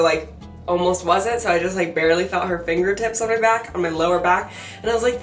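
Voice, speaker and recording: A young woman tells a personal story to camera in a chatty, animated vlog style, full of fillers, laughing at herself now and then. Her voice sits mid-range and sounds a bit distant in a roomy space, with soft music playing under it. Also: medium pitch. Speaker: vlogger.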